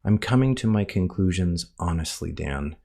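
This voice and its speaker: Deep-voiced man in precise, formal commentary. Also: lively intonation, moderate pace, vocal fry, a little mellow. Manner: precise, formal, spells words out letter by letter; pointed, addresses his critic directly. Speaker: author rebutting a critic. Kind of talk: scripted commentary video.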